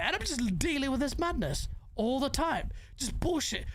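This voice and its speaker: A woman's voice: high voice, sing-song, normal speed, few pauses, slight background noise. A woman hosting a gaming podcast, ranting and swearing with heavy sarcasm. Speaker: podcast host. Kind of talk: heated gaming podcast chat.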